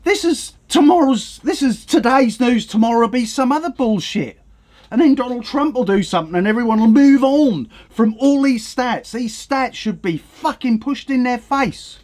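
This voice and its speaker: A man's voice: very high-pitched, expressive, moderate pace, a little mellow. Angry, swearing man ranting. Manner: angry, profane, exasperated. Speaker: online commentator. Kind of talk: ranting political commentary.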